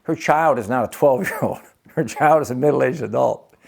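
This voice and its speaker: A man's voice: mid-range voice, normal speed, vocal fry. A middle-aged man, a physician hosting his show, talking casually and putting questions to the viewer. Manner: conversational, asks the viewer questions. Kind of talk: casual on-camera talk.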